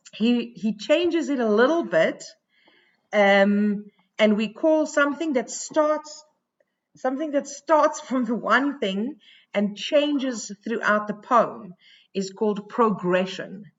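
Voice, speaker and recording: Slow-speaking South African woman teacher. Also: a little high, dull audio. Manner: explains step by step in a chatty, informal way. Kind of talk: poetry lesson.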